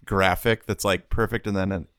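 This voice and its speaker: Smooth low-voiced easygoing man. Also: fairly even intonation, moderate pace, fairly bright tone, no echo, studio quality. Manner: easygoing, says "dude" a lot. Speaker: podcast co-host. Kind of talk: casual chat.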